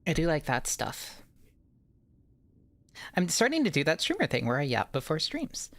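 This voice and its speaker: A woman streamer in pain and low on energy, rambling casually with her chat and swearing now and then. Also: wildly swooping pitch, normal speed, vocal fry, a bit bright, dry recording.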